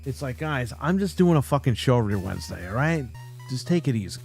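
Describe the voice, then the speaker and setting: Man, livestream host, heated profane rant, mid-pitched voice, faint background music. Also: big pitch swings, fast talker, creaky, a little mellow. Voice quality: profane, blunt. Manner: heated, ranting, mocking. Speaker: podcast host.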